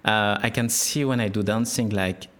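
A man from France with a French accent, a guest in a casual interview, speaking English haltingly as he searches for words. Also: fairly low pitch, a bit bright. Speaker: guest, dance instructor.

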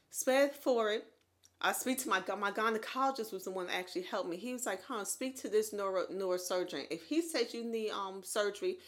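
A woman in her thirties co-hosting a podcast, telling her own story in casual chat, animated and laughing often. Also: mid-range voice. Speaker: podcast co-host.

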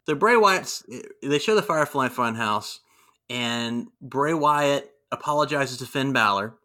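A man chatting casually, retelling events in an excitable, animated way. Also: mid-range voice, measured pace. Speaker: podcast co-host. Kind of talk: casual recap chat.

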